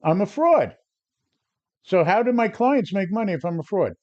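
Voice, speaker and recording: A man's voice: high-pitched, big pitch swings, normal speed, a little mellow. Brash old guy in his 70s running a trading livestream, kinda muffled lo-fi audio. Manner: brash, combative, talks back to chat. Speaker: trading coach. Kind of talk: live stream trading talk.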